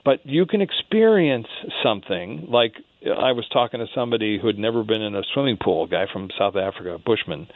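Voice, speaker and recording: A man telling stories as a radio show guest, animated, laughing often and acting out the voices of people he quotes. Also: fairly low pitch, fairly quick, few pauses, dry recording. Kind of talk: storytelling in a radio interview. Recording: tinny phone line into a radio show.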